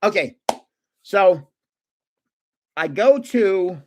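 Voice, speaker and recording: A man's voice: high-pitched, lively intonation, very slow, darkish tone. Chuckling older man telling stories. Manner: chuckles often between sentences; rambling anecdotes told with self-corrections. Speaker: host of a trading card livestream. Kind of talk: casual livestream chat with storytelling.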